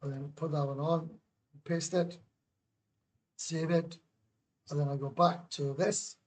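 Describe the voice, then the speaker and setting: A man's voice: on the high side, steady tone, slow. A Welsh man hosting a casual livestream, chatty and blunt, swearing freely as he talks to viewers. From Wales. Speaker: livestream host. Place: home in Thailand.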